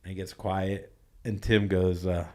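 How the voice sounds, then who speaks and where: A man's voice: sits low, little pitch movement, a little slow, a little mellow. A young man hosting a podcast, telling a story in a laid-back way with many "like"s and laughing asides. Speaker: podcast host. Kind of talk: casual storytelling chat.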